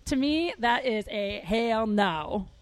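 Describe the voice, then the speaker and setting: A woman's voice: a little high, expressive, takes it slowly. A woman comedian in her thirties hosting a podcast, telling stories in a brash, candid, profane way. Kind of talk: casual podcast chat.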